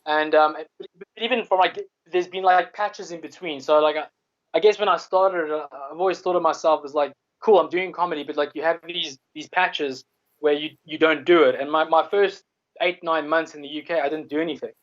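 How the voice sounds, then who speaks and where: A man with a South African accent talks in a loose, rambling way, circling back and restarting his sentences and swearing now and then. His voice sits a little high for a man. The audio is dull and lo-fi. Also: fairly even intonation, brisk. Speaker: comedian guest. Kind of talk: casual chat.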